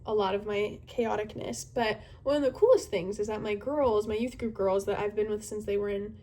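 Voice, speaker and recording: A woman in her twenties, a youth group leader, chatting casually and earnestly to camera, with many fillers and thoughtful pauses. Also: mid-range voice, mellow. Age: 20s.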